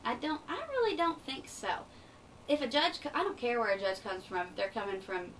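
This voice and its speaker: A woman's voice: fairly high pitch, fairly bright tone. A young woman with a light Eastern Kentucky accent, speaking earnestly and upbeat as a radio interview guest. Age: young adult. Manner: earnest, upbeat, quick to laugh. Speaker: pageant titleholder guest. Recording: distant mic with faint background noise.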